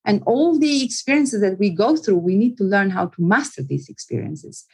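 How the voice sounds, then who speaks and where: A woman's voice: mid-range voice, lively intonation, moderate pace, creaky, a little mellow, husky, rough recording. A woman psychologist, an interview guest, telling a personal story in an earnest way, repeating words and often restarting her sentences.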